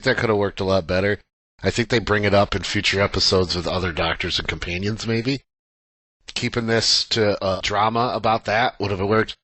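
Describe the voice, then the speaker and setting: A man co-hosting a podcast in casual chat, thoughtful and measured. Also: lowish voice, fairly even intonation, a bit bright, no echo. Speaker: podcast co-host.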